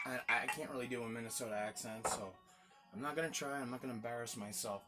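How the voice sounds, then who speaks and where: A man's voice: medium pitch, steady tone, fast talker, over music. A man hosting a casual gin tasting review, chatty and rambling, exclaiming as he tastes.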